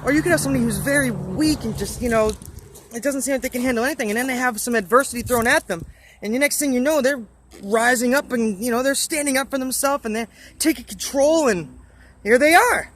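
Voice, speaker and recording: Speaking quickly in an extremely high, fairly bright voice, this man shares a motivational story on his vlog. He rambles earnestly and encouragingly, with plenty of fillers, over slight background noise.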